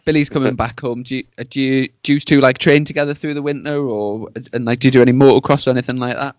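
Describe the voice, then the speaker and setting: Fast-talking male podcast host. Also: mid-range voice, steady tone. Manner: asks questions in loose, rolling bursts. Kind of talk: casual podcast interview.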